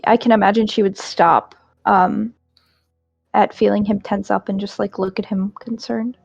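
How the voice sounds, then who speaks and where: A woman's voice: medium pitch, little pitch movement, moderate pace, creaky, breathy edge, dry recording, muffled recording, faint music behind. A woman playing a tabletop role-playing game, chatting casually with many fillers. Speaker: player.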